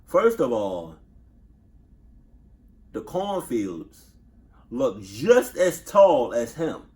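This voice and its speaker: A man's voice: mid-range voice, sing-song, drawn-out words, a little mellow. A man hosting a reaction video, rambling casually, swearing, laughing and interrupting himself.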